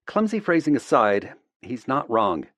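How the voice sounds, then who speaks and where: A woman's voice: extremely low pitch, sing-song, a little slow, a bit bright, no echo, studio quality, pitched above the performer's own voice, exaggerated voice. A man voicing a young woman working in PR who speaks firmly and persuasively. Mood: insistent. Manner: firm, insistent.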